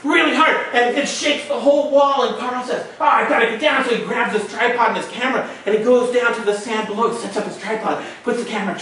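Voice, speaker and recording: A male storyteller performing a tale dramatically, with shouted sound effects. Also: very high voice, fast talker, few pauses. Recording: echoey room, mic far off.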